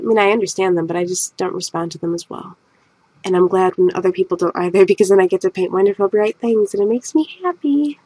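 A woman's voice: mid-range voice, breathy edge, no room sound, rough recording. A woman artist with a somewhat nasal voice, chatting in a rambling, self-mocking way over a video of her painting.

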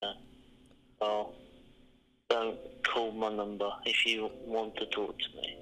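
A man on the phone answers an unknown caller warily and brushes him off curtly. His voice is low but bright and forceful. Faint music plays in the background. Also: monotone, slow pace, poor audio. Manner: curt, wary, dismissive. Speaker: prank call receiver.

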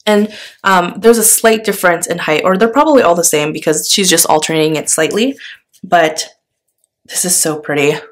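A woman's voice: lowish voice, moderate pace. Gushing woman in a chatty sticker haul. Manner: gushing, enthusiastic, with frequent fillers and soft laughs. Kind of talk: casual chatty show-and-tell.

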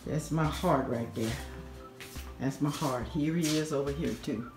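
A woman's voice: low voice, a little slow, a little mellow. An older woman who hosts a cooking channel, chatting casually with viewers while she walks through the craft room in her home. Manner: chatty, talks to viewers as "y'all". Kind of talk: casual home-tour vlog chat. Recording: echoey room with faint music.

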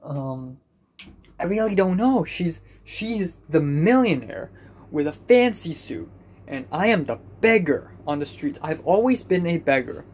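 A man's voice: a little high, sing-song, measured pace, a little mellow, slightly rough. A young man talking in an anxious, self-deprecating ramble with many repetitions in a personal video diary. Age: young adult. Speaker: vlogger.

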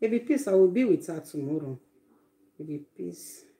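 A woman's voice: lowish voice, lively intonation, moderate pace, dark tone. A Nigerian woman chatting casually on a live stream, greeting her viewers one by one with effusive exclamations. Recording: roomy echo.

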